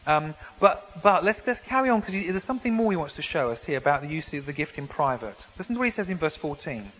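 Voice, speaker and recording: A man preaching a sermon in a relaxed, conversational way, often restarting and repeating words as he explains. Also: a little high, fast talker, slightly rough. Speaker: pastor. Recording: long hall reverb, faint background noise.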